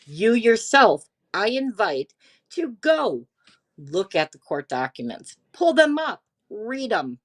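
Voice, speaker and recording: Woman host of a casual stream: slow, animated, reads documents aloud. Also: medium pitch. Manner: animated, drawn-out, talks to chat. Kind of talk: casual livestream chat.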